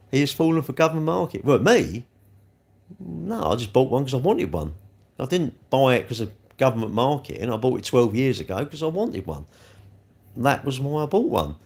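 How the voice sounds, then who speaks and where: A man's voice: a little high, creaky, darkish tone. A man, a car dealer hosting a casual livestream, ranting in an exasperated, rambling way and firing rhetorical questions at his viewers.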